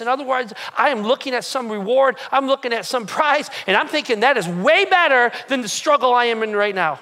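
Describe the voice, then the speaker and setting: A man's voice: very high-pitched, animated, fast, few pauses, pushed and bright. A man preaching a sermon as pastor, emphatic and repetitive, pushing his points again and again with rising and falling force. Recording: long hall reverb.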